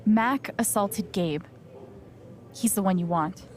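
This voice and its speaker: An actress voicing a soft-spoken young woman in a video game who talks in a hesitant, quiet way. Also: mid-range voice, slow, lightly acted. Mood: firm.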